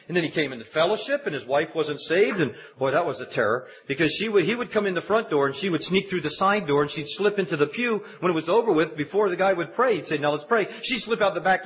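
A man preaching a sermon, telling a personal story and building to high, emphatic exhortation. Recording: dull lo-fi recording.

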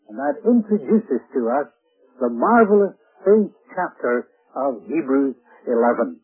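A man's voice: mid-range voice, sing-song, measured pace. A man preaching an earnest Bible teaching sermon, stressing key phrases with emphatic repetition. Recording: tinny phone-like band, husky.

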